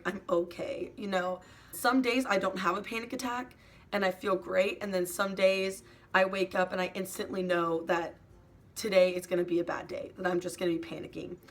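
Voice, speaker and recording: A young woman YouTuber talking in a soft, hesitant confessional vlog, full of "like" fillers and sometimes close to tears. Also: fairly low pitch. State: emotional, near tears at times.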